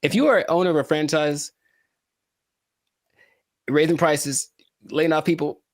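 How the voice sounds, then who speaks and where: A man's voice: on the high side, fairly even intonation, a little slow, no room sound, studio quality. A man from California co-hosting a casual podcast, playful and given to dramatic asides and repeated lines. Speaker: podcast co-host.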